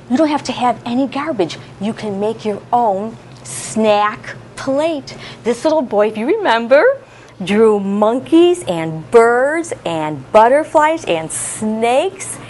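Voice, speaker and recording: A woman leading a classroom lesson for young children, coaxing them through call-and-response in an animated, sing-song way. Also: fairly high pitch, slight background noise. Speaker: early childhood educator.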